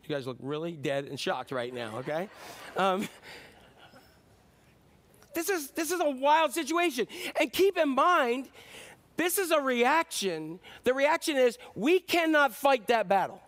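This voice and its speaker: A man preaching a sermon as pastor, animated and joking with the congregation, acting out shouts and voices. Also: very high-pitched, measured pace. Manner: jokes with the audience.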